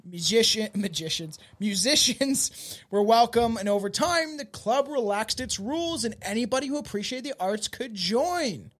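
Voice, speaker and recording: A man's voice: sits high, animated, moderate pace, few pauses. A man hosting a casual comedy podcast, crude and joking, rambling with frequent restarts. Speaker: podcast host.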